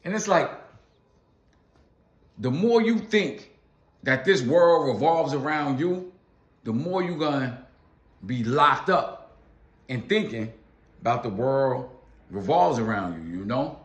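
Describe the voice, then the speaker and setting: A man's voice: mid-range voice, animated, takes it slowly, pauses often, muffled recording. A man vlogging a casual philosophical monologue, repeating phrases for emphasis and calling out to his viewers in loose slang. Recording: echoey room.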